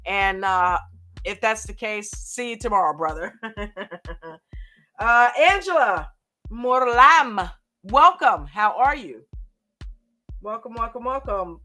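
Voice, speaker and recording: A woman hosting a live stream chat, greeting viewers by name in a lively, casual way and laughing often. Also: a little high, unhurried, faint music behind.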